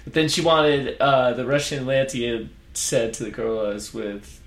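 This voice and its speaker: A man's voice: mid-range voice, moderate pace, noisy background. A man telling a rambling story on a casual podcast, with many ums and uhs. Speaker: podcast co-host. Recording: echoey room.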